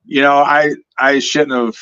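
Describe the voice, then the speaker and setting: A man from the Detroit area chatting as a guest on a podcast, telling lively stories and acting out what other people said. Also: on the high side, unhurried, clean tone, lo-fi sound. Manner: storytelling, animated quoting of others. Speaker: guest superfan. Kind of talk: casual podcast chat.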